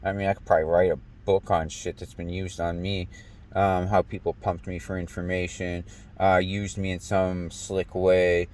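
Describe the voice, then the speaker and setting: A young man from the U.S. goes on a casual, rambling rant laced with swearing, frequently stammering and starting sentences over. He speaks at a moderate pace in a deep, darkish voice with little pitch movement, over slight background noise.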